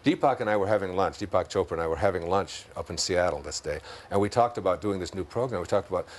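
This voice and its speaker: A man with a Detroit accent, a guest in an interview, speaking in an unhurried, musing way and chuckling at his own jokes. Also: low-pitched. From Detroit, United States. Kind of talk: reflective interview talk.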